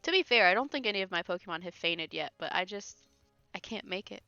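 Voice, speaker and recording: A chatty, giggly woman streamer talks through her game. Her voice is bright and a little sharp, very close and dry. The stream audio is slightly dull, with faint music behind her. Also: medium pitch, expressive, fast talker, dry recording. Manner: chatty, giggly, talks to chat between asides. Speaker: streamer playing a video game. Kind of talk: casual let's-play commentary.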